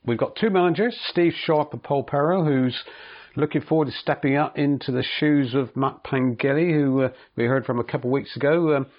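A man's voice: mid-range voice, brisk. A man hosting a local football radio show, chattily introducing the week's segments. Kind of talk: radio presenting. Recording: muffled radio audio.

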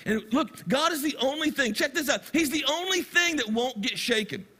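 A middle-aged man preaching from the pulpit, his voice high and bright. He tells stories and reads scripture with animated energy, drawing out key words slowly for emphasis. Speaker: pastor. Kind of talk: sermon.

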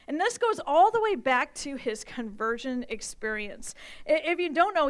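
Woman pastor, high pitch, lively and playful sermon delivery before a congregation. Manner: animated, playful, with bursts of emphasis. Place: church service with live audience.

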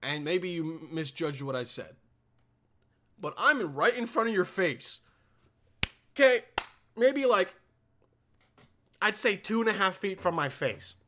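A young man from Bosnia telling a crude, exasperated comic rant, breaking into sudden high-pitched outbursts. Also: big pitch swings, unhurried, long pauses, pushed and bright. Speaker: comedian. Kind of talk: stand-up style ranting monologue.

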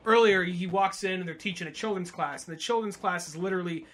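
A man co-hosting a podcast, chatting casually, swearing and acting out quick movie quotes. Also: sits high, a bit bright, slight background noise. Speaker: podcast co-host.

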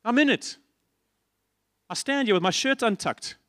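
A man's voice: very high-pitched, expressive, normal speed, a bit bright, no echo, clean studio sound. A man preaching a sermon in church, passionate and repetitive, asking his listeners rhetorical questions. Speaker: pastor.

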